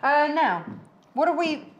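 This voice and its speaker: A woman presenting on a TV shopping craft show, upbeat with quick affirmations. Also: high-pitched, big pitch swings, lo-fi sound.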